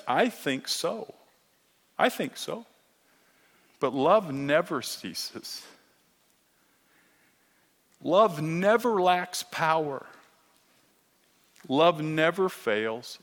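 A man preaching a sermon as pastor, emphatic and earnest, at times growing quiet and emotional. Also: a little high. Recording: long hall reverb.

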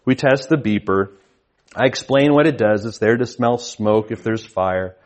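A man's voice: lowish voice, moderate pace. Casual man preaching with family stories. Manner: casual storytelling, frequent restarts, self-deprecating humor. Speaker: conference speaker. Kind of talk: sermon with family anecdotes.

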